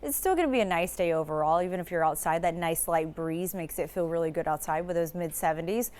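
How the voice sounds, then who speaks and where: Woman, TV weather forecaster, lowish voice, chatty, loose delivery. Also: fast, darkish tone. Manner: casual, many "so" starts and small restarts. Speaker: TV meteorologist.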